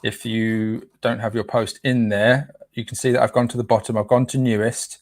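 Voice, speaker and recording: Casting: man as a playful live stream host, mid-pitched, dry close sound, easygoing chat. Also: little pitch movement, moderate pace, no echo. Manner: playful, chatty, trips over names while reading.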